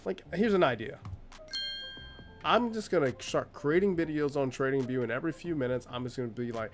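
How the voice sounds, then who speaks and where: A man's voice: medium pitch, a little fast. Sarcastic man reacting with music behind. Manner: sarcastic, exasperated. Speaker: reaction video host. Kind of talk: casual reaction commentary.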